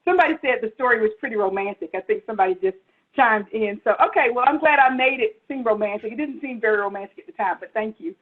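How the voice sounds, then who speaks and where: Husky, animated woman on a tinny line. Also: a little high, quick pace. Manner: animated, laughing, playful asides. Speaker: guest author. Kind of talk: casual storytelling interview. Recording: tinny phone-like audio.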